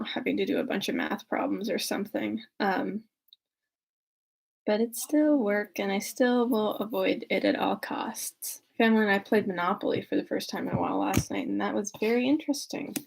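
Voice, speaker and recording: A woman's voice: medium pitch, moderate pace, creaky, a little mellow, slightly rough. A young woman who chats casually and self-mockingly with many fillers, then reads a classic novel aloud. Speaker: audiobook reader.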